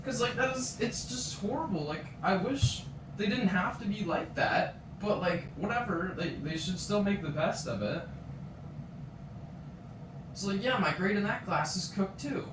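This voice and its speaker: Teen guy venting on stream, high voice, cussing a lot, sits back from the mic in an echoey room. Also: animated, measured pace, noisy background. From Canada. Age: teens. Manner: frustrated, swears often, retells scenes with quoted voices. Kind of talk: ranting casual stream chat. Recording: roomy echo, distant from mic.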